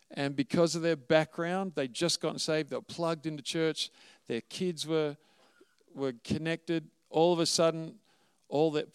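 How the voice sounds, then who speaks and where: A man's voice: mid-range voice, smooth, no room sound. A man preaching a sermon and telling a story with rising emotion, at times close to tears. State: tearful at times. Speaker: pastor.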